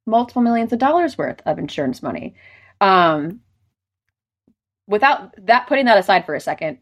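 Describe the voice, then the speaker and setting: Chatty woman telling a story, lower voice. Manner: chatty, storytelling, many filler "like"s. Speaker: podcast co-host. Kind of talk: casual chat.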